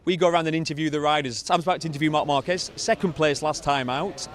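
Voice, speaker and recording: A man, a TV pundit, explaining the behind-the-scenes routine in a brisk, matter-of-fact way. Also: fairly high pitch, fairly even intonation.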